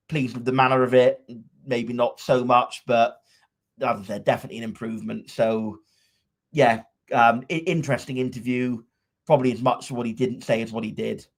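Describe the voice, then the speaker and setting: Wry, rambling man on a podcast. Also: mid-range voice. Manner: wry, opinionated, rambling with many restarts. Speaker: podcast co-host. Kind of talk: casual podcast chat. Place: upstairs room at home.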